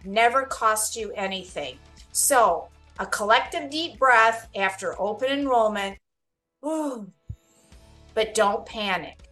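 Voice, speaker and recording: A woman hosting a Medicare podcast in an upbeat, reassuring monologue, expressive and playfully dramatic as she talks listeners through their worries. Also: fairly high pitch, slow, faint music behind. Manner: expressive, playfully dramatizes panic then soothes. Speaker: podcast host and Medicare advisor.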